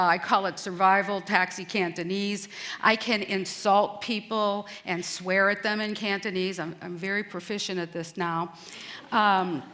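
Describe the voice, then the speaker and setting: A woman's voice: mid-range voice, sharp tone. A middle-aged American woman giving a self-deprecating, humorous stage talk at a conference. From United States.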